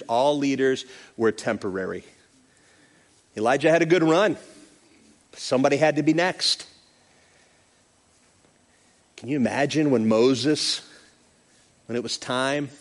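A man, a pastor, preaching a sermon with animated, playful storytelling and quick asides. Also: medium pitch.

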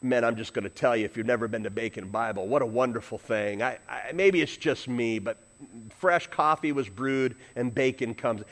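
A man's voice: mid-range voice, moderate pace, fairly bright tone. A man preaching a sermon as pastor, conversational, asking the congregation questions and adding humorous asides.

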